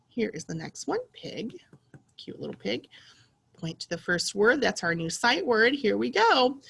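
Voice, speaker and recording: A woman teacher with a mid-range voice leads an early reading lesson for young children, speaking slowly and clearly. She reads the practice sentences with exaggerated excitement.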